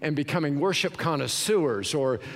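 Pastor guy preaching, fairly high voice, punchy and repetitive, big church echo. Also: lively intonation, moderate pace, a bit bright. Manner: emphatic, repeats words for stress. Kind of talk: sermon. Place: large church sanctuary. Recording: reverberant hall.

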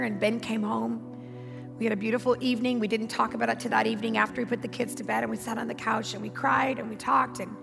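A woman's voice: on the high side, gravelly. A woman pastor preaching a sermon, telling a personal story in an emphatic, conversational way with repeated phrases. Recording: long hall reverb with music behind.

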